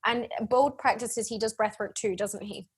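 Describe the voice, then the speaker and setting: A woman's voice: on the high side, moderate pace, slightly rough. A woman hosting a podcast, chatting casually with her guest, laughing often and using "like" a lot. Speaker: podcast host. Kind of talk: casual conversational interview.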